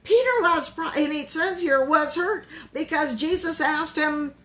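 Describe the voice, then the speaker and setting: High-voiced, unhurried woman pastor. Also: fairly bright tone. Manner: conversational, asks the listeners questions. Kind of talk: Bible study teaching.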